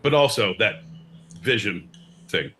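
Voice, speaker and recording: A man's voice: on the low side, sing-song, unhurried, sharp tone, a little hiss or hum. A man co-hosting a live comedy podcast, ranting in a profane, theatrical way with mock-Shakespearean flourishes. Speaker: podcast co-host. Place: live show venue.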